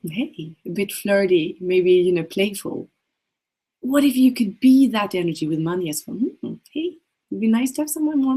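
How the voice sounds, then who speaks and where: Husky woman coaching with gentle questions. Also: on the low side. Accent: Swedish. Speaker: coach hosting a live session. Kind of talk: casual coaching talk.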